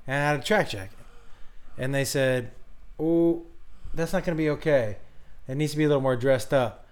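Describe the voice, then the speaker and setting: A male comedian guest telling a casual, animated anecdote. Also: medium pitch, normal speed. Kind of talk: casual chat.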